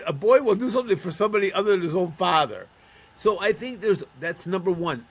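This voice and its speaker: A middle-aged or older man from Buffalo, New York, speaking as a guest in an interview. He talks in a fairly high register and tells stories. He slips into the voices of parents and children as he describes them. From Buffalo, New York, USA. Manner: storytelling, acts out quoted voices. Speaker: guest, counselor of men. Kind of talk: conversational interview.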